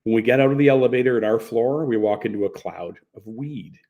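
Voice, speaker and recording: A man narrates an audiobook in the first person, relaxed and conversational. His voice sits in a middling male register. The delivery stays easy and story-driven. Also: medium pitch, a little fast.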